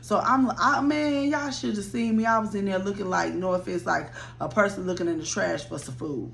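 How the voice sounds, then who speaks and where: Young woman, blunt and animated, talks straight to her viewers, swears freely; light background hum. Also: medium pitch, fairly quick, creaky. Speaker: storyteller. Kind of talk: casual story time.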